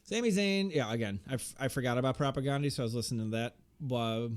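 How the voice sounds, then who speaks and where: A man's voice: mid-range voice, quick pace, clear, resonant tone. A man co-hosting a podcast, casually recapping a wrestling show, swearing often and reading out the promos. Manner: casual, profane, reads out promo lines in a flat recap voice. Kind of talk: casual chat.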